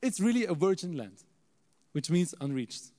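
A man voicing a jovial older male reverend with a Ghanaian accent, speaking in a booming, fatherly way. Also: sing-song, moderate pace, dark tone. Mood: amused. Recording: echoey hall.

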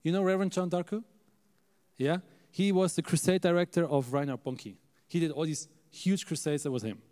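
A male preacher telling a story in an animated sermon, calling out to the audience for amens. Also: a little high, fairly quick. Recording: echoey hall.

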